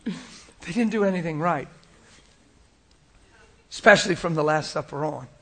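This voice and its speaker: A man preaching a sermon in an animated way, moving between loud acted quotes and hushed, whispered asides. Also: on the high side, a little slow, slight background noise.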